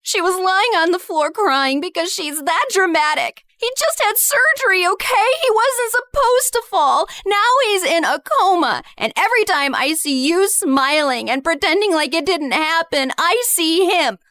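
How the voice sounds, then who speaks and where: A woman voicing a bitter, spiteful young woman who sneers and accuses in an animated story. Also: very high voice, measured pace, hardly any pauses, no echo, clean studio sound, heavily acted. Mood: accusing.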